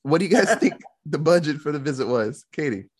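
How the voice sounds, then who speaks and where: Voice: mid-range voice, expressive, brisk, a little mellow. A podcast host in casual movie-review chat who jokes, acts out quotes and swears freely.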